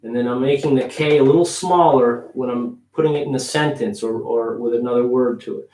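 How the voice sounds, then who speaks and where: A man teaching English pronunciation on a livestream, repeating words slowly for practice. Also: medium pitch, darkish tone, reverberant.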